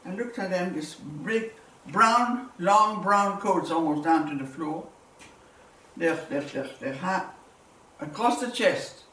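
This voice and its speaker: A woman's voice: lowish voice, expressive, slow pace, fairly bright tone, slight background noise. A woman, giving a personal testimony as a war survivor and telling it vividly with repeated words. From Belgium. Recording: roomy, distant mic, faint ambience.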